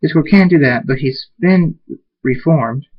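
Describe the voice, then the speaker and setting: A man voicing Twilight, a curious female unicorn scholar pony, in a thoughtful, measured way on a dull lo-fi recording. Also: fairly high pitch, husky, pitched above the performer's own voice.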